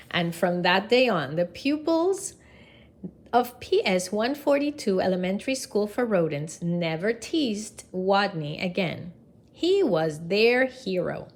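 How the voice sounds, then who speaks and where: A woman reading a picture book aloud to children in an expressive way, pausing to ask her listeners questions. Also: mid-range voice. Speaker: storybook reader.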